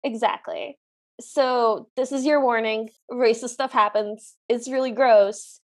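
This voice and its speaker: A woman's voice: fairly high pitch, fairly even intonation, a little slow. A woman co-hosting a podcast, chatting and describing scenes from an old cartoon. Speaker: podcast co-host. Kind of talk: casual chat reviewing a cartoon.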